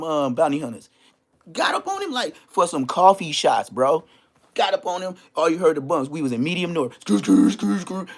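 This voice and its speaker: Animated Los man telling stories. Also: on the high side. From Inglewood, Los Angeles. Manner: animated, slang-heavy, bursts into loud exclamations. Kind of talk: casual storytelling rant.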